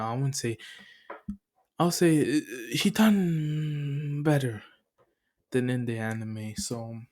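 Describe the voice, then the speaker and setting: A man casually recapping a fan story as a channel host, rambling with many fillers and laughing at himself. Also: mid-range voice.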